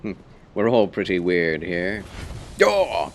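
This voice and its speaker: A man streaming a video game, chatting casually with viewers in a polite, formal, gentlemanly way. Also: deep voice, expressive, a little slow, a little hiss or hum.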